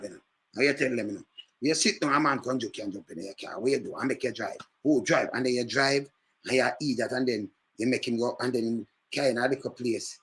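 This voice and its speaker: A man with a Jamaican accent talks in casual, animated commentary. His voice is bright and husky, and he repeats himself and breaks into loud bursts. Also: medium pitch. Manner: animated, emphatic, repetitive with loud outbursts.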